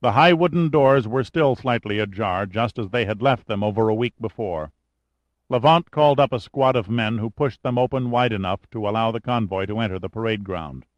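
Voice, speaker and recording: A man narrating an audiobook in a steady, even reading voice. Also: lowish voice, fairly quick, no echo, dull audio.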